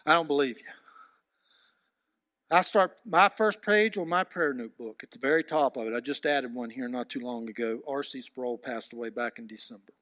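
Man preaching, impassioned, bright tense voice, swings loud to hushed, repetitive emphasis. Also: mid-range voice, normal speed, dry recording, studio quality. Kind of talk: sermon.

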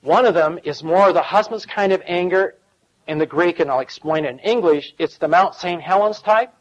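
A man's voice: high voice, moderate pace, rough recording. A middle-aged man preaching a sermon as pastor, in a folksy style with chuckles and asides.

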